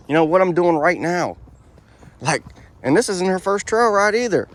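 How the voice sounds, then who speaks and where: A man's voice: high-pitched, animated, normal speed. Laid-back young man talking horseback. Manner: laid-back, rambling, reflective. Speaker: horse trainer. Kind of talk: casual vlog narration while riding. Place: outdoors on a wooded trail, on horseback. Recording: faint outdoor noise.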